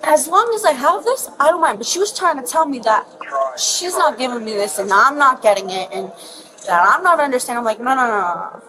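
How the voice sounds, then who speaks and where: A woman's voice: sits high, expressive, fairly quick, crowd noise, poor audio. A young woman agitatedly retelling events to police at an airport gate, rambling and repeating herself, filling her talk with "like", captured on a police bodycam. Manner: rambling, repetitive, heated, says "like" a lot. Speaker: passenger giving her account to police. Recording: bodycam audio with loud airport noise.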